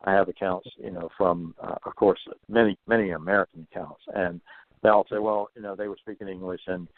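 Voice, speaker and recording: A man with a lowish voice explains things in a casual interview, pausing and repeating words as he thinks. The sound is dry and thin, like a phone line. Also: steady tone, dry recording. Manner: thoughtful, stumbles and repeats words. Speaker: guest author on paranormal folklore.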